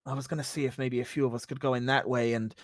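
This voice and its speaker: A game master doing a nervous, halting soldier. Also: mid-range voice, level tone, dry recording, studio quality, natural voice. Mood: uneasy. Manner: hesitant, halting, full of fillers. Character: nervous male ally soldier.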